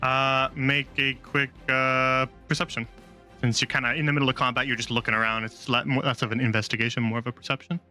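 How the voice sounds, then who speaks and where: A man's voice: medium pitch, level tone, quick pace, bright, forceful tone, faint music behind. A man running a tabletop game as game master, describing the scene in an easygoing, rambling way.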